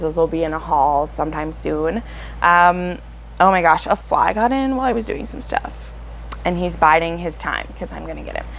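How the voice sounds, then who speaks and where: Chatty woman book vlogger, lowish voice. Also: low-quality recording. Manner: chatty and excitable, with frequent fillers. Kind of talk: casual chat to camera.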